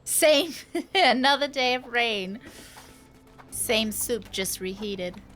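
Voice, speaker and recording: A woman's voice: a little high, lively intonation, slow pace, a bit bright, faint music behind. Chatty Scottish woman streaming a game. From Scotland. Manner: chatty, joking, swears. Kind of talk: casual gameplay commentary.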